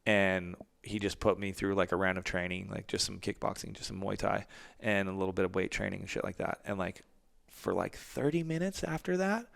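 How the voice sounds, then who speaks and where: A man's voice: low voice, a little fast, vocal fry, fairly bright tone. A man in his forties telling stories candidly in an interview, swearing often and acting out what people said. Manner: candid, heavy swearing, acts out quotes. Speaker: podcast guest, band frontman. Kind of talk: casual interview storytelling.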